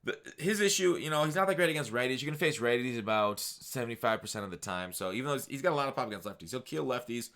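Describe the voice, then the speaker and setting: A man's voice: mid-range voice, expressive, quick pace, hardly any pauses, a bit bright. A man hosting a gaming channel, talking casually through his picks with lots of fillers and restarts. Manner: rambling, many fillers and self-corrections. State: hiccuping. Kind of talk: casual video game commentary.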